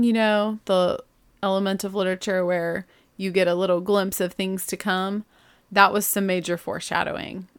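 Rambling chatty woman podcaster. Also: medium pitch. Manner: chatty, rambling, lots of "like" and self-corrections. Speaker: podcast host. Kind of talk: casual solo chat.

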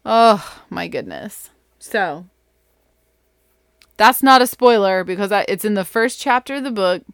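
A woman's voice: medium pitch, a little slow, clear, resonant tone, dry recording, clean studio sound. A woman telling a personal story in a casual, chatty monologue, full of "like" and "you know" and laughing at herself. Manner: chatty and animated, heavy on fillers like "like" and "you know"; self-deprecating, laughs at her own story.

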